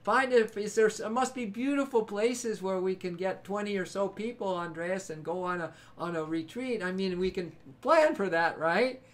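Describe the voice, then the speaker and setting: A man hosting a late-night livestream, chatting loosely and warmly with viewers and calling them brother and man. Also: high voice, moderate pace, hardly any pauses. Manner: upbeat, rambling, calls people brother and man. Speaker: livestream host. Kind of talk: casual chat with live viewers.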